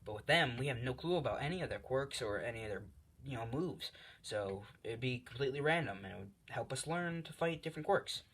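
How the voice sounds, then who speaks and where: Kind, bossy teen boy hero from a spoken fan story, read by a man in a near-everyday voice. Plain middle pitch. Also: lively intonation, a little fast, fairly bright tone, slightly rough. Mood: reasoning.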